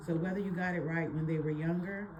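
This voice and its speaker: Woman, low mellow voice, reflective audience comment, faint noise. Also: steady tone, fast talker, muffled recording. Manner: reflective, open. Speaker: audience member. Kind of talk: personal comment in discussion.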